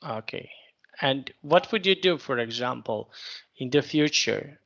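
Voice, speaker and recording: A man's voice: medium pitch, animated, a little slow, vocal fry, fairly bright tone, muffled recording. A man teaching an online English lesson, patiently repeating and rephrasing each question for his student.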